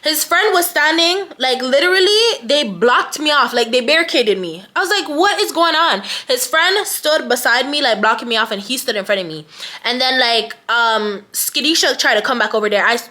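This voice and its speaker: A young woman telling a personal story in a chatty, slangy way, full of animated asides. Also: high-pitched, moderate pace. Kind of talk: casual storytime.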